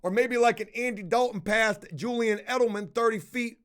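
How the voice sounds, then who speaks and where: A man's voice: extremely high pitch, fairly quick, clean tone. A man streaming live, telling a story in a casual way. He swears a lot and keeps breaking off to call out viewers in the chat. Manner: profane and animated, calling out viewers in the chat.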